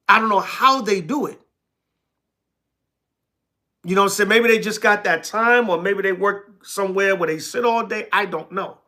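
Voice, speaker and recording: A New man with a high, bright, ringing voice, preaching from scripture on a livestream. He reads the verses in a slow, deliberate cadence. Between readings he talks straight back to his chat in blunt, repetitive bursts. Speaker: elder teaching scripture on a livestream. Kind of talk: sermon mixed with casual replies to live chat.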